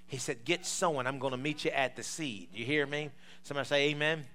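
A man's voice: mid-range voice, fairly quick, pushed and bright. A male preacher, leading a sermon with call-and-response and bursts of praise. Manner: exuberant call-and-response, breaks into laughter and tongues.

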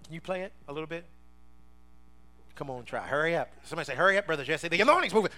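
A man preaching a sermon, leading the congregation in call-and-response with constant "somebody say" prompts, playful and quick to laugh, moving between shouting and low, intense passages. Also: expressive. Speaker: pastor.

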